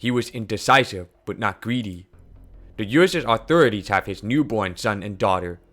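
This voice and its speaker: A man voicing a quiet, somber old scientist. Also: on the low side, lively intonation, moderate pace. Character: older male scientist mentor, calm and sorrowful. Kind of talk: reading game dialogue aloud.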